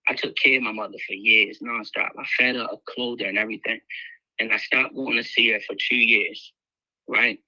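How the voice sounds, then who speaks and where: Man, candid emotional storytelling, tense bright voice, dry close sound. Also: lowish voice, steady tone, normal speed, no room sound, dull audio. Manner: candid, emotional, loose with fillers. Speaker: guest speaker sharing his life story. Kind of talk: personal storytelling.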